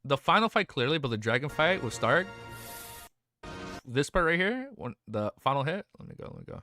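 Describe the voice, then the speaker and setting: A young man hosting a livestream, chatting casually and excitedly about anime, rambling, swearing freely and restarting his sentences. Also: fairly high pitch, moderate pace, faint music behind. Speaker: livestream host. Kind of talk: casual stream chat.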